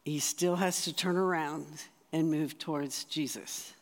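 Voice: medium pitch, fairly even intonation, unhurried. Earnest preacher in a reverberant hall. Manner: earnest, conversational preaching with repeated restarts. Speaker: spiritual director giving a talk. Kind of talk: sermon. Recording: long reverb of a large hall.

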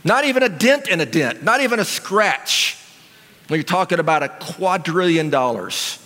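A man preaches from the front of a church, his voice pitched fairly high for a man. He talks to the congregation in a casual, conversational way and keeps asking them questions. The sound carries a long reverb from the large hall. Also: lively intonation, normal speed, sharp tone. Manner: conversational, asks the audience questions. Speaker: pastor. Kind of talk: sermon. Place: church sanctuary.

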